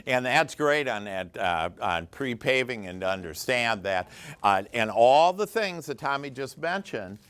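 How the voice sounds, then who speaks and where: An enthusiastic man leads a small motivational workshop, speaking at a middle pitch. He chats easily with the group, breaks into laughter, and keeps a loose, conversational flow. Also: very animated, measured pace, a bit bright, smooth. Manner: enthusiastic, chatty, laughs often. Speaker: workshop leader and coach. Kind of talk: live motivational workshop talk.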